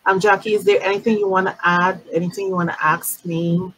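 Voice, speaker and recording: A woman's voice: on the low side, fairly even intonation, fairly quick, slight background noise, rough recording. A woman hosting a casual live-stream chat, chatty and full of fillers, heard over a video call. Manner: chatty, warm sign-offs with many fillers. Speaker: host.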